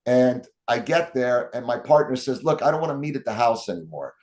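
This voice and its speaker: A man with a mid-range voice talks briskly as a guest in a storytelling interview. He is an animated storyteller who acts out what the people in his stories said.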